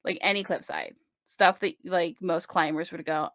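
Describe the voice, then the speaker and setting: A woman's voice: fairly low pitch, fairly even intonation, moderate pace, a bit bright, no echo, clean studio sound. A woman giving a casual tarot reading, chatty and reassuring, often checking in with the listener. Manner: chatty, reassuring, many "right?" check-ins. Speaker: tarot reader.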